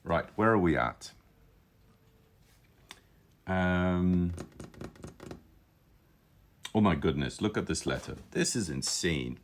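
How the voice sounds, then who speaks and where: A man with a very deep voice talks through calligraphy letters on a live stream. He sounds enthusiastic and thinks out loud, repeating words and restarting as he goes. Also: expressive, slow, pauses often, slight background noise. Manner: enthusiastic, musing, full of restarts and filler. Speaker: calligraphy teacher. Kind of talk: live-streamed lesson, casual commentary.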